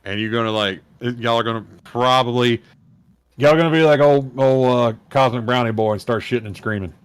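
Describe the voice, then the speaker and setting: A man's voice: mid-range voice, a little fast, smooth, no echo. A man co-hosting a podcast, chatting casually in a rambling, self-mocking way. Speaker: podcast co-host. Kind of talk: casual chat.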